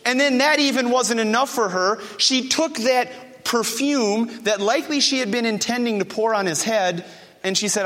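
A man's voice: very high-pitched, moderate pace, fairly bright tone. A male preacher delivering a sermon with emphatic repetition and rhetorical questions. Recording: long hall reverb.

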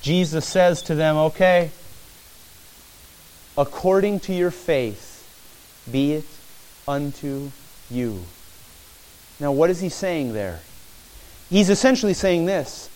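A man's voice: on the high side, animated, slow, long pauses, darkish tone, low-quality recording. A man preaching a sermon as pastor, earnest and repetitive, often addressing the listeners as friends.

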